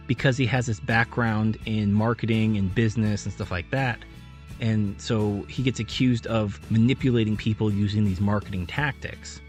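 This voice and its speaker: A man talking straight to camera in an unscripted commentary, giving earnest advice and shifting his delivery to stay animated. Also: medium pitch. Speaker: YouTube commentator.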